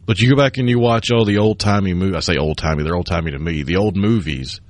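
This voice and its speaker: A man's voice: low voice, fast talker, dry recording. A man co-hosting a radio talk show who explains facts in a trivia-minded way. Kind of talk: casual studio chat. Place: radio studio. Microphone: studio microphone.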